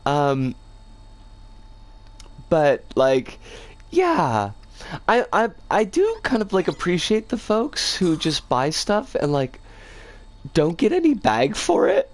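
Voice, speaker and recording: A game streamer chatting casually on a livestream, rambling with playful slang, their voice rough and scratchy today. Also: mid-range voice, wildly swooping pitch, slow, pauses often.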